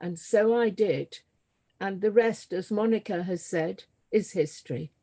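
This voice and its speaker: An older woman from Britain tells long stories at an unhurried pace, in a mellow, darkish voice. She often pauses on ums and restarts her sentences, in a relaxed conversational tone. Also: mid-range voice. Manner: halting, with many ums and restarts. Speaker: guest, scenographer and author. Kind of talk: conversational storytelling.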